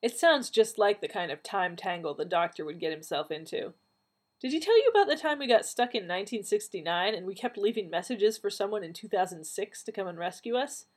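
A woman voicing a calm, dryly amused young woman doctor in a storybook reading. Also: medium pitch, brisk, husky. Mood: wry.

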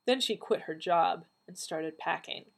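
A woman's voice: unhurried, gravelly. A woman reading a story aloud, lightly acting out the dialogue. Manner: lively, acts out dialogue with raised pitch. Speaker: reader of fan fiction. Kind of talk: storybook narration with character voices.

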